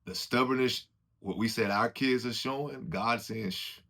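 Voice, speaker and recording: Man, bright voice, casual motivational talk, preachy, quotes others in dialogue. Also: mid-range voice, moderate pace. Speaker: motivational speaker.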